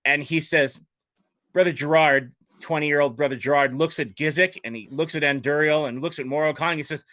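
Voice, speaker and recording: A man running a tabletop game as game master, his voice bright and fairly high. He narrates playfully and laughs easily. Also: fairly even intonation, brisk.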